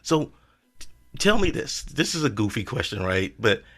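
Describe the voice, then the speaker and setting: A man hosting a casual interview, relaxed and joking, who speaks to the viewers directly. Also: lowish voice, normal speed. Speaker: show host.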